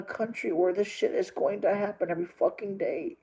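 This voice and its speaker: A male livestreamer cries as he speaks directly to his viewers in an emotional monologue, pleading, repeating himself and swearing heavily. His voice sits high and is husky and dark-toned, delivered briskly on a rough recording.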